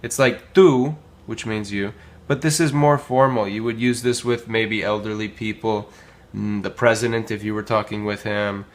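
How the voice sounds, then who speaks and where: A man with a fairly low voice gives a relaxed language lesson. He talks informally, pausing with lots of ums, and slows right down to model each phrase. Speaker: Spanish teacher. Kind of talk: casual spoken lesson.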